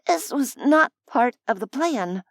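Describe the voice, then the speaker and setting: A woman's voice: sits high, animated, slow, no echo, full character voice. A woman voicing a harried young winged woman who answers trouble with dry, sheepish wit. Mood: wry strained.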